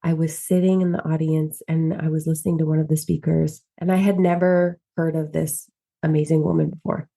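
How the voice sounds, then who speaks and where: A woman's voice: low voice, level tone, fairly quick, gravelly, mellow. A woman in her thirties hosting a solo podcast, talking earnestly and emphatically with lots of filler words. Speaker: podcast host.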